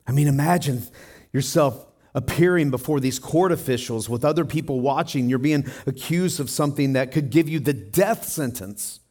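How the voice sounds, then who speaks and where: A man's voice: fairly high pitch, a little mellow. A middle-aged man pastor preaching a sermon in a church in a conversational way, often asking the congregation questions.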